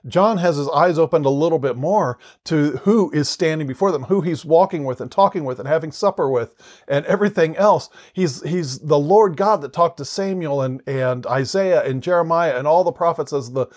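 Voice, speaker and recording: A man's voice: fairly high pitch, normal speed, darkish tone. A man gives a conversational Bible teaching in a slightly raised voice. He is earnest and explanatory, often circling back and repeating words as he works through a point.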